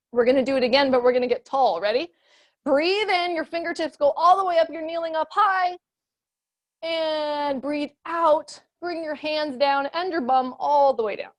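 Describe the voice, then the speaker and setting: High-voiced playful kids yoga teacher woman. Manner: playful, encouraging, sing-song cues. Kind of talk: guided kids yoga class.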